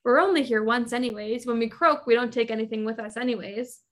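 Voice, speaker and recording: Woman, high voice, podcast host, motivational monologue, emphatic, rhetorical questions. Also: fast talker. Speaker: podcast host and business coach.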